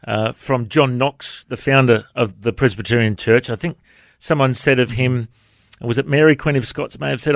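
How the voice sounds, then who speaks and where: A man's voice: medium pitch, steady tone, moderate pace, vocal fry, no room sound, studio quality. A man hosting a radio interview, friendly, laughing along with his guest and asking questions. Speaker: radio host.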